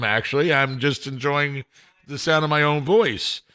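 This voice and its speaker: A man's voice: fairly high pitch, unhurried, bright, forceful tone. A man hosting his own solo podcast from home, rambling in a self-deprecating way, often chuckling and restarting his sentences. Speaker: podcast host. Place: home, indoors.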